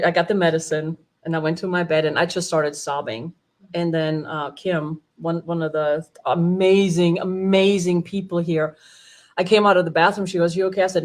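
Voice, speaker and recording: A woman with a fairly low voice tells her story as an emotional testimony. She laughs often and switches into little acted-out bits of dialogue. Her delivery stays lively and warm in feeling. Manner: animated, laughing often, acts out quoted dialogue. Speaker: retreat participant sharing her experience.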